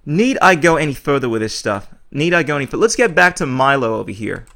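A man's voice: medium pitch, big pitch swings, fast talker, gravelly, pushed and bright. A man hosting a podcast, delivering a blunt, opinionated monologue full of swearing. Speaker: podcast host.

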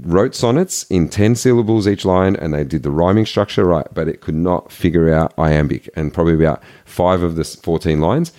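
A man's voice: low voice, moderate pace, few pauses. A man guesting on a podcast, chatting casually and telling stories in a rambling, emphatic way. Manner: rambling, animated storyteller, emphatic. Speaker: podcast guest, poet and yogi. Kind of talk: casual conversation.

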